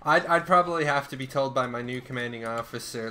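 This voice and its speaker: A man's voice: medium pitch, fast, slight background noise. A young man streaming a game live, ranting and swearing as he comments on what he sees. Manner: animated, ranting, swears a lot. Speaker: livestreamer. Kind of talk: casual gameplay commentary.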